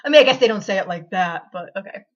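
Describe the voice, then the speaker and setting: A woman's voice: mid-range voice, animated, fast. A woman in her twenties chatting to camera in a giggly, rambling, self-deprecating way, on dull lo-fi audio. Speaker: vlogger. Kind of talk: casual chat to camera.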